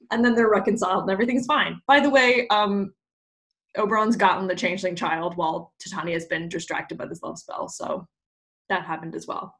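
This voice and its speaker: A young woman tells a play's plot in lively casual chat, breaking into laughter and switching voices to act out the characters' quips. Her mid-pitched voice sounds echoey, as if she is in a bare room. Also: a little fast. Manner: animated, laughing, swearing, acts out lines. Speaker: podcast co-host.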